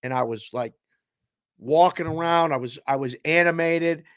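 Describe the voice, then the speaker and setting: A man's voice: a little high, moderate pace, fairly bright tone, smooth, dry recording, studio quality. A man co-hosting a casual podcast, talking reflectively and emotionally, often trailing off. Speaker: co-host.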